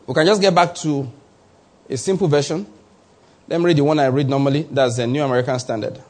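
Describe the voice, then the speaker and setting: Husky Nigerian man preaching. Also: fairly high pitch, fast. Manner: animated preaching, acting out little voices and asking if the listener follows. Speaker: pastor. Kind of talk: sermon.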